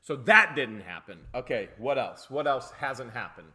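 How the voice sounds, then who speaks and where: A man's voice: mid-range voice, expressive, normal speed, pushed and bright. A man co-hosting a livestream, talking casually with sarcastic, mocking asides. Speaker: co-host of a livestream.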